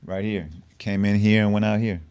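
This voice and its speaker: A man's voice: lowish voice, level tone, normal speed, darkish tone, smooth. A middle-aged man from the Bay Area, a guest telling his story in a blunt, profane, streetwise way. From San Francisco Bay Area. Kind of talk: casual storytelling interview.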